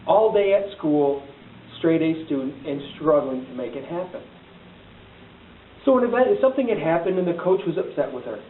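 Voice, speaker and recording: A middle-aged man giving a heartfelt motivational talk, telling a personal story in an earnest, emphatic way. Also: sits high. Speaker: motivational speaker. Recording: echoey, distant, tinny, hissy recording.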